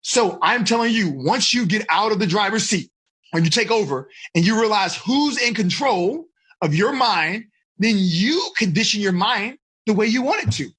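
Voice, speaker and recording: A man with a high, bright and slightly husky voice leads a live online coaching session for teens. He talks with energy and keeps firing questions at his viewers. He is recorded through a computer or webcam mic. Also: moderate pace. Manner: energetic, rhetorical questions to the audience. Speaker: life coach.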